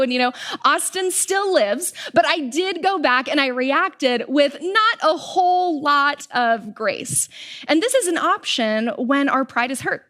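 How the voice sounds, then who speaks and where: A young woman with a high voice delivers a sermon. Her preaching is relaxed and chatty, full of personal stories and slang. She keeps her delivery lively and conversational. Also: a little slow. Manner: casual, animated storytelling with slang.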